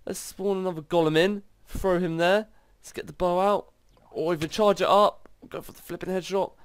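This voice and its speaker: A man commenting on his video game play in an excitable, exclaiming way. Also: sits high, normal speed, smooth, no echo. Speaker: gaming channel host. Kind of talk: gameplay commentary.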